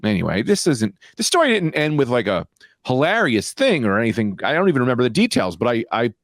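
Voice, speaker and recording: Speaking fast in a mid-range voice, this young comedy podcast co-host tells animated stories during casual chat, performing the people he quotes. The recording is dry.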